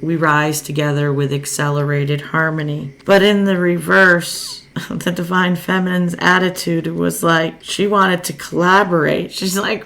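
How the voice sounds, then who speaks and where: Chatty woman with a lowish voice. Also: flat delivery, measured pace, a bit bright. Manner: chatty, laughs often, thinks aloud. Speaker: tarot card reader. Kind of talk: casual spoken tarot reading.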